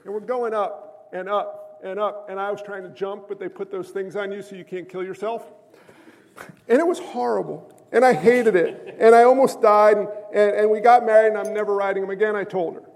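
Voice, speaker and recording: A man preaching a sermon as pastor, an animated storyteller who jokes with the congregation. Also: sits high, brisk, long reverb tail.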